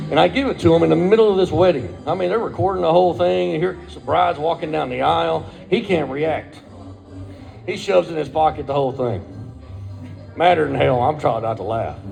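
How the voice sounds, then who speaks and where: A man's voice: on the high side, vocal fry, darkish tone. A middle-aged man, telling a crude, profane personal story in a laid-back way.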